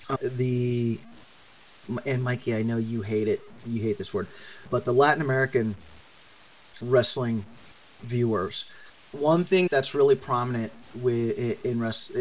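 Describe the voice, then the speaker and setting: Relaxed man explaining on a podcast. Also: medium pitch, low-quality recording. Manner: relaxed, explains at length, halting restarts. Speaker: podcast co-host. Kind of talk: casual chat.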